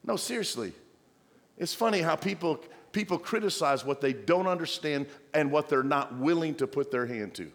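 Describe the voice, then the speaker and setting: Male pastor, sermon delivery, exhorting with playful asides, slightly high voice, church hall reverb. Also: expressive, moderate pace.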